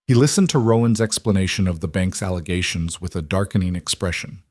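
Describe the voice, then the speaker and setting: A man narrating a romance story in steady scripted narration. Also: low voice, fairly quick, no echo, studio quality.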